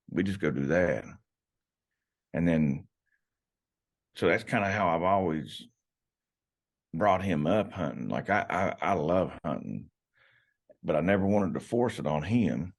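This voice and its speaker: A man's voice: sits low, lively intonation, normal speed, pauses often. A middle-aged man, a podcast guest, telling hunting stories in a rambling, folksy way with many restarts. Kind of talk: casual storytelling. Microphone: podcast microphone.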